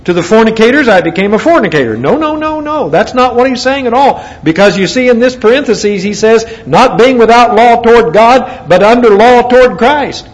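His voice is extremely high in pitch, and he talks briskly with few pauses. This American man's sermon weaves scripture readings together with homespun asides, captured in a dull, lo-fi recording with a little background noise.

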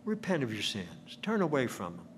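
A man's voice: mid-range voice, huge pitch swings, slight background noise. Older man preaching a folksy sermon. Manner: folksy storytelling with slow emphatic phrasing.

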